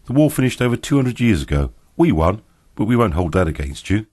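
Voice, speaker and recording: A man's voice: on the low side, sing-song, a little fast, darkish tone, husky, dry recording, studio quality, voice pushed up. A man voicing a smug, glib American man who needles others, in a storybook reading.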